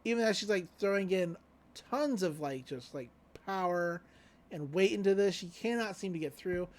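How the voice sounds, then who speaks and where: Chill podcast host rambling through a recap, mid pitch, lots of um and like. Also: lively intonation, normal speed. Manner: laid-back, loose retelling with many fillers and offhand quotes. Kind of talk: casual recap chat.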